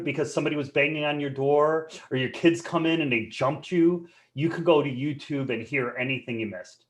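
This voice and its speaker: A man presenting a live webinar in a joking, conversational and animated way. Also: a little high.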